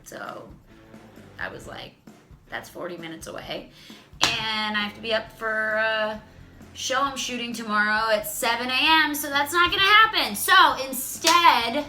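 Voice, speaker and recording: A woman's voice: fairly high pitch, lively intonation, unhurried, sharp tone, faint music behind. A woman in her thirties telling a dating story to her viewers in a chatty, profane way, full of "like.". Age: 30s. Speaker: vlogger. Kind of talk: casual storytelling to camera.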